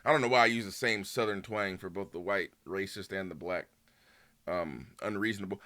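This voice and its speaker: A man streaming and reacting to a video in a heated, casual rant, swearing often and swinging between loud outbursts and low muttering. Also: a little fast. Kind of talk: casual ranting commentary.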